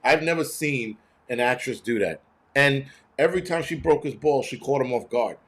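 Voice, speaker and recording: A man's voice: medium pitch, moderate pace. Profane rambling man in his fifties. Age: 50s. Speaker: livestream host. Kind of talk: casual livestream rant.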